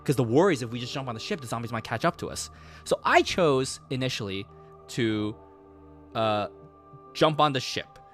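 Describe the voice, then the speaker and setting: A man's voice: medium pitch, expressive, moderate pace, fairly bright tone, faint music behind. A male streamer casually recapping a game, rambling and swearing, with lots of fillers and restarts. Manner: rambling, profane storytelling with many fillers.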